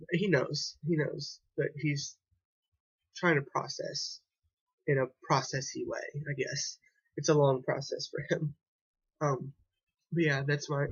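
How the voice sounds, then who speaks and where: A man's voice: a little high, steady tone, unhurried, long pauses, husky, muffled recording. A young man telling a personal story to camera in a rambling, hesitant way, often restarting and repeating himself. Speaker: vlogger.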